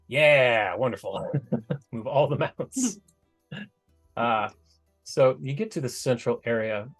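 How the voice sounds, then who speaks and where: A male game master describing a scene in loose, unhurried narration, pausing to reach for his words. His voice is mid-pitched, with soft music playing behind. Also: breathy edge. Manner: loose, rambling narration with fillers.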